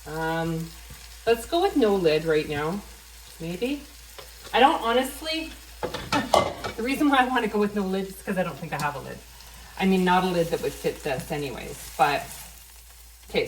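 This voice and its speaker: A woman chatting casually while cooking in her home kitchen, thinking out loud and poking fun at herself, with a pan sizzling behind her. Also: fairly low pitch, roomy sound, slight background noise. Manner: chatty, self-deprecating, thinks aloud. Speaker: vegan cooking vlogger. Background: frying and sizzling from the pan.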